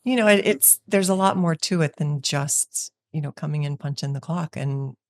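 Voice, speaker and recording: A woman's voice: low-pitched, normal speed, dry recording, studio quality. An older woman, a business owner, chatting as a guest in an interview, talking in a loose, rambling way with many fillers and restarts. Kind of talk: casual interview conversation.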